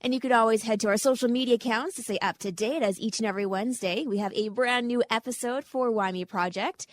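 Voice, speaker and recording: A woman's voice: a little high, fast talker. Upbeat female podcast co-host. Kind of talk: casual podcast chat.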